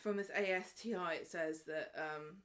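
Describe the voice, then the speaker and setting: Bright-voiced chatty woman co-host. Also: on the low side, normal speed. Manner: chatty, reads out statistics, teasing. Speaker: podcast co-host. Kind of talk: casual soap recap chat.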